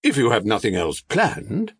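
A man's voice: medium pitch, huge pitch swings, a little slow, slightly rough, no echo, studio quality, exaggerated voice. A man voicing a nervous, hesitant middle-aged father who hems and haws. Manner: hesitant, stammering fillers.

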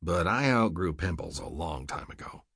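A man reading a sarcastic, stubborn ex-covert operative who has been drinking, with a husky low voice. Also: lively intonation, moderate pace, a bit bright, no room sound, clean studio sound, heavily acted. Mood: sneering. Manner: sneering, mulish, drinking.

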